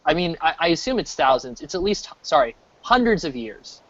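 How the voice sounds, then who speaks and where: An American man in his thirties chatting casually while he streams, rambling, restarting sentences and getting animated. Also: fairly high pitch, brisk, no echo. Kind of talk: casual chat. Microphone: desk mic. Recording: dull lo-fi mic.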